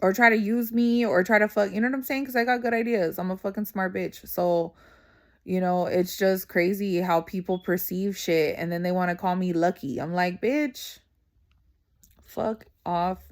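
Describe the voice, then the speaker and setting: A woman's voice: lowish voice, steady tone, moderate pace. A young adult woman vlogging straight to camera in a casual venting monologue, blunt and profane, full of slang and constant "you know what I'm saying" asides.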